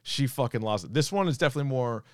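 A man co-hosting a podcast, retelling comedy sketches with animated energy and casual swearing. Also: mid-range voice, racing, dry recording. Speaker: podcast co-host. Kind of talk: casual chat.

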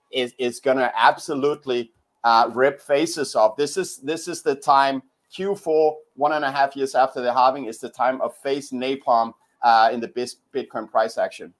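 A man on a live-stream panel, talking through an argument in a measured, analytical way. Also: mid-range voice. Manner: measured, builds an argument with numbers. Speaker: panel guest. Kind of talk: casual analytical chat.

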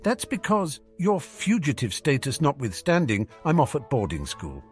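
A man's voice: medium pitch, huge pitch swings, normal speed, soft background music, pitched above the performer's own voice. A man voicing a sarcastic, cheeky teenage boy wizard in a storybook reading, teasing and mock-dramatic. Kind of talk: audiobook character reading.

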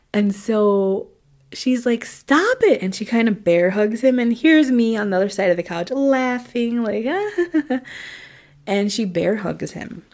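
Woman, casual storytelling, animated, acts out quotes, slips into whispers. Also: mid-range voice.

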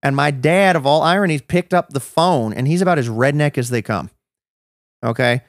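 A man's voice: fairly high pitch, normal speed, no echo, studio quality. A man as a podcast guest, telling his own story in a reflective, self-deprecating way with many restarts. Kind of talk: personal storytelling in a podcast interview.

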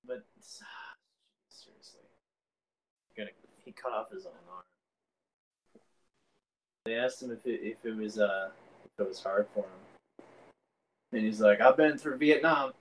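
A man's voice: fairly low pitch, steady tone, normal speed, pauses often, a little hiss or hum, poor audio. Joking man telling a story on a podcast. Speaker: podcast co-host. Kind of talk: casual chat.

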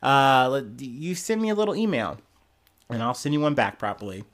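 A man's voice: mid-range voice, normal speed. Blunt, profane man hosting a podcast. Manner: blunt, profane and animated, with frequent laughs. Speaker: podcast host. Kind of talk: casual solo news commentary.

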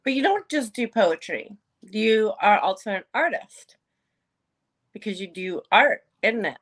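A woman's voice: medium pitch, expressive, unhurried, a bit bright. A woman hosting an interview over a video call, asking her guest friendly, prompting questions. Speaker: podcast host.

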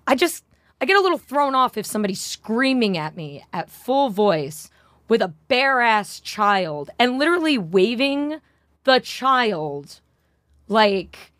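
A young woman tells a story on a comedy podcast, her pitch swinging up and down as she rambles. Her voice sits fairly high, and it is recorded close and dry. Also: takes it slowly, no room sound. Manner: animated storytelling, rambling with fillers. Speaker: podcast co-host. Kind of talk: casual comedic chat.

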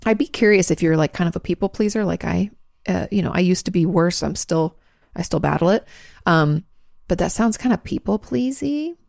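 Fast-talking woman with a gravelly low voice. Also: expressive, a little mellow, dry recording, clean studio sound. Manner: fast, chatty, frank, swears casually. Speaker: host answering listener questions. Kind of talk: casual advice talk.

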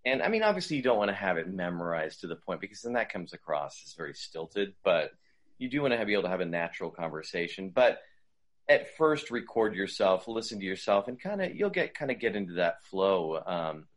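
Deep-voiced man rambling through advice. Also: very animated, brisk. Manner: loose and rambling, many fillers and restarts. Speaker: guest voice coach. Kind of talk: conversational advice.

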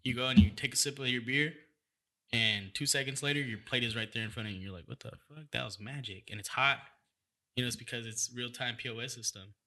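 Fast, bright-voiced man talking shop. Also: mid-range voice, fairly even intonation. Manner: eager, talks shop about restaurant systems. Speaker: podcast guest, taco business owner. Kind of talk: casual chat.

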